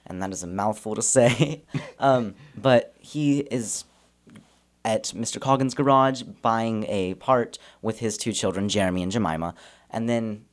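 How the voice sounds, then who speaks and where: Easygoing young male actor. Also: mid-range voice. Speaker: cast member. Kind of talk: casual interview chat.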